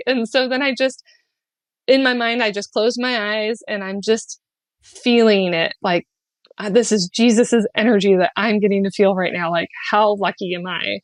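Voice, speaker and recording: A middle-aged woman recounts a deeply personal spiritual experience as a podcast guest. She talks in an animated way, jumping up in pitch when she quotes people and breaking into laughs. The recording is dry and close. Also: normal speed, no room sound. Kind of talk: emotional personal storytelling.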